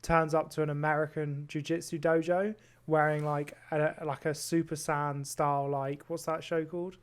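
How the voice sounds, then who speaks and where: A man's voice: fairly high pitch, flat delivery, normal speed, clean tone. A man co-hosting a podcast, rambling through anecdotes full of "like" and swearing in a casual chat. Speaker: podcast co-host. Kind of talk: casual chat, animated storytelling.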